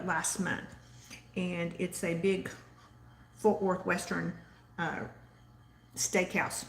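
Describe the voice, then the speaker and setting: Southern woman, casual livestream host, low gravelly voice, rambling and chatty, echoey room. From Texas. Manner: chatty and rambling, reads viewer comments aloud. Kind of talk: casual live-stream chat.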